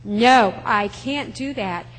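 A woman's voice: fairly high pitch, slow. A woman voicing a cranky proud baker. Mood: scolding. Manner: sharp, impatient scolding. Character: proud, hot-tempered male village baker. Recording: long hall reverb.

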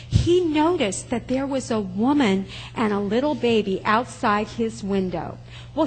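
Husky-voiced woman telling a children's sermon. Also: on the high side. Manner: expressive, simple storytelling. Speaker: children's storyteller at church. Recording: long hall reverb.

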